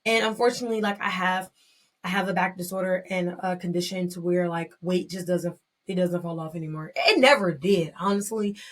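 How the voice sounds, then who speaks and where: Young woman doing a solo podcast, open and emotional, lots of restarts, gets excited fast. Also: on the low side. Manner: candid and emotional, with frequent restarts and bursts of excitement. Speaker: podcast host. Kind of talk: personal reflective monologue.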